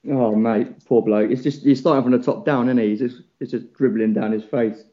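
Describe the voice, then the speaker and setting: British guy joking around on a podcast, relaxed tone, muffled sound. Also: medium pitch, a little fast. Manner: joking, sweary, teasing. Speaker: podcast co-host. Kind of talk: casual chat. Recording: dull lo-fi podcast audio.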